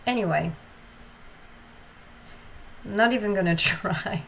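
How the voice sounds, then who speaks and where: A woman chats through a reaction video in an unhurried, halting way, full of ums and gushing asides. Her voice sits at an ordinary middle pitch. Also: gravelly, fairly bright tone, slight background noise, poor audio. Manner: gushing and hesitant, many ums. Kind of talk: casual reaction commentary.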